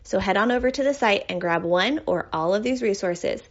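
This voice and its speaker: A woman reading a podcast announcement in a bright, upbeat way. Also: medium pitch, expressive, brisk, lo-fi sound. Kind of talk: read announcement.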